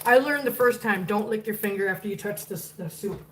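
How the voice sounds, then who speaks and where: A woman's voice: mid-range voice, brisk. A woman hosting a live cooking stream in her home kitchen, chatting casually, laughing often and cooing baby talk at her cats. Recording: echoey room, mic at a distance, faint noise.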